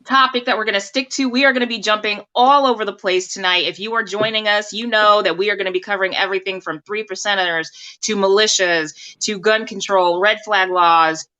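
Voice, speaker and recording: Bright, chatty woman hosting a live stream. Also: mid-range voice, a little fast, few pauses, highs cut off. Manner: lively, chatty, laughs often. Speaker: live stream talk show host.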